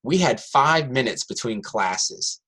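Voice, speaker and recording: A man, a high school math teacher, telling a classroom story to an audience and acting out his students' voices. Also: slow. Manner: animated, acts out students' voices in quotes.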